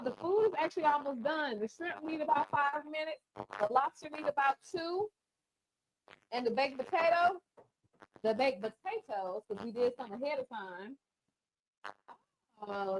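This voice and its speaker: A woman's voice: sits high, expressive, moderate pace, low-quality recording. A woman hosting a live cooking show, chatting and teasing her guests in a playful way.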